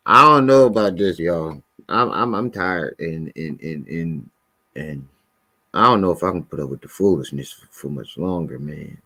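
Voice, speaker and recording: A man reacting on a live stream, his pitch swinging widely from low grumbles to sudden high outbursts. He sounds exasperated and mocking, and repeats himself when frustrated. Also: expressive, moderate pace, creaky, pushed and bright.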